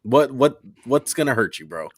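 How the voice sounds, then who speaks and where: A man's voice: mid-range voice, big pitch swings, moderate pace, slightly rough, no room sound, clean studio sound. A man on a sports panel, talking casually with slang and some exasperation.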